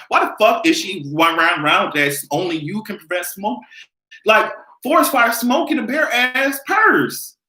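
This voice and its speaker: Male vlogger, brash profane rant, bright tone, roomy echo. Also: on the high side. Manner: loud, animated, profane ranting. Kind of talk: live stream rant.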